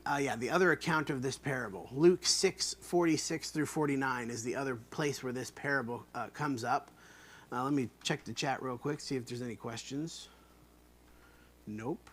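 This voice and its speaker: Earnest man teaching a Bible study. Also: on the high side. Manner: earnest, emphatic, repeats points for stress. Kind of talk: online Bible study lesson.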